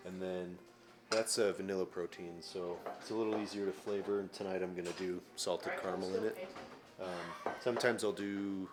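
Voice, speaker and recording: A man's voice: low voice, fairly even intonation, normal speed. A young man in casual chat, an easygoing fitness vlogger who rambles a little and chuckles often while cooking at home.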